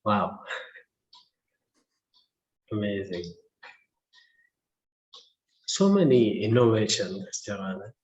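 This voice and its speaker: A man hosting a conversational interview, halting and mostly giving short reactions. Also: fairly low pitch, expressive, a little mellow, dull audio. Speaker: interview host.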